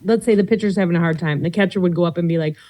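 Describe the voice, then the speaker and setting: A woman comedian chatting on a podcast, telling animated stories and slipping into quoted voices. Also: on the low side, rapid-fire, rough recording. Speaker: comedian guest. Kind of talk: casual podcast chat.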